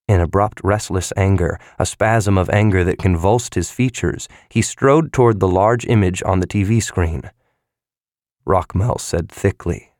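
A man reading a novel aloud as a narrator in a measured, even way. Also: low voice, dry recording, clean studio sound. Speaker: audiobook narrator. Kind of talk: scripted narration.

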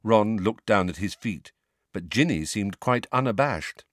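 Male storybook narrator, animated melodic delivery, dry close sound. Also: fairly low pitch, measured pace, dry recording. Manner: varied, expressive reading. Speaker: audiobook narrator.

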